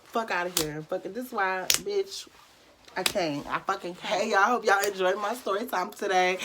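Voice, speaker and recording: A young woman vlogger telling a casual, profane storytime with animated, dramatic voice swings. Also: medium pitch, noisy background.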